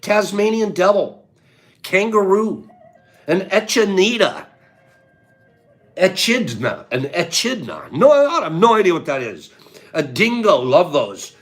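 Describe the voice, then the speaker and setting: A man's voice: high-pitched, big pitch swings, unhurried, long pauses, fairly bright tone, soft background music. A man hosting a live stream in a casual chat, reading viewers' names and their answers aloud. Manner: reads chat names aloud, rattles off lists.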